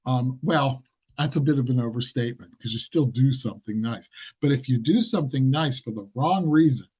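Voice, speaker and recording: A man's voice: mid-range voice, brisk, darkish tone, husky, muffled recording. A man giving an informal, conversational sermon, often correcting himself mid-sentence and laughing at his own asides. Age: older. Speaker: preacher.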